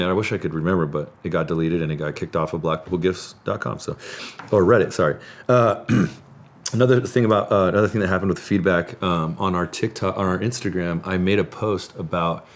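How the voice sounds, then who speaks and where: Deep-voiced man telling animated stories. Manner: animated storytelling, laughs often. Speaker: podcast host. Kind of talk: casual chat. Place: studio.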